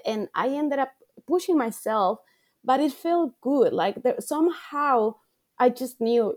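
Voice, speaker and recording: A woman coach talks earnestly as a podcast guest. Her voice sits fairly high, and she piles up phrases to stress a point. The sound is dry and close, with no room echo. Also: expressive, a little slow, a little mellow. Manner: earnest, reflective, repeats phrases for emphasis. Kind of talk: podcast interview.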